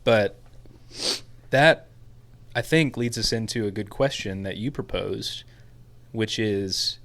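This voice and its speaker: Young man, podcast co-host, casual chat, slightly low voice, animated. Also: slow pace, creaky. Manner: animated, laughing storyteller.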